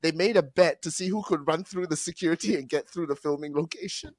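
A man in casual podcast chat, telling anecdotes in a relaxed way and swearing freely. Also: a little high, fast talker, no echo, studio quality.

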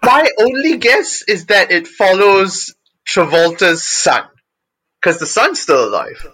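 A man's voice: high voice, big pitch swings, slow pace, pushed and bright, slight background noise, low-quality recording. A man in casual chat about films, bringing up news and checking release years.

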